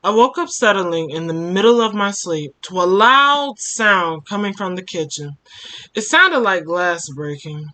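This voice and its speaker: A man's voice: high voice, lively intonation, measured pace, sharp tone. A young man reading a fan fiction story aloud for his channel, emotional, often stopping to comment and sigh. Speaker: storytime YouTuber.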